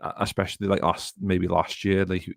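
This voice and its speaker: A man with a very low, gravelly voice co-hosts a live football podcast, rambling casually and reading out viewer comments. His sound is close and dry. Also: little pitch movement, moderate pace, dry recording. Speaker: podcast co-host.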